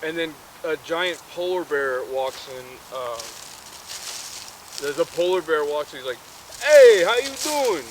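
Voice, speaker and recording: A man's voice: on the high side, measured pace, a little hiss or hum, poor audio. A man casually retelling a movie, rambling with many fillers and self-corrections.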